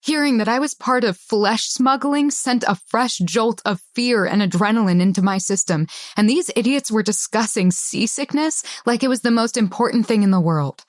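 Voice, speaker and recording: A woman narrating an audiobook in a tense, measured first-person style. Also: a little high, no room sound, clean studio sound.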